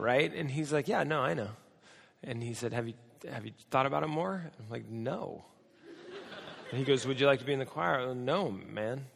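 A middle-aged American pastor tells a rambling, self-mocking story from the pulpit. His voice is gravelly and cracks now and then. It rings with the long reverb of a big hall. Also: medium pitch, fairly quick, a bit bright. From United States. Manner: self-deprecating, chatty storytelling. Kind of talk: storytelling sermon.

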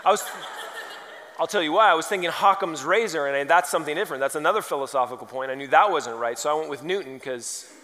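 Animated high-voiced preacher in a reverberant hall. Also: male voice, fast. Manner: animated, rambling and self-mocking. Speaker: pastor. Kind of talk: sermon with storytelling.

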